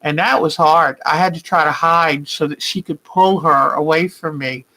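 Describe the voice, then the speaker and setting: Bright-voiced older woman, chatty. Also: low-pitched, steady tone, moderate pace, poor audio. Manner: chatty and warm-hearted, greets viewers by name, rambling asides. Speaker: quilting vlog host. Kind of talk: casual live chat with viewers.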